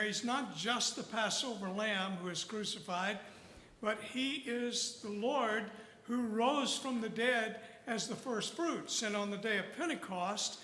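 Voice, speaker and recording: A man with a strikingly high, bright voice preaches in a sermon style. He tells folksy stories and leans into rising emphasis. His voice rings through a church hall with a long reverb. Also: a little hiss or hum. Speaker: guest preacher. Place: church sanctuary.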